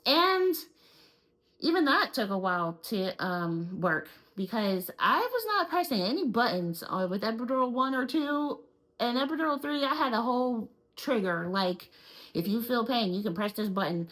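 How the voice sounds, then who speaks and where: Animated, fairly high-voiced young woman. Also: rough recording. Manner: animated, lots of "like" fillers. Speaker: podcast co-host. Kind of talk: casual podcast storytelling.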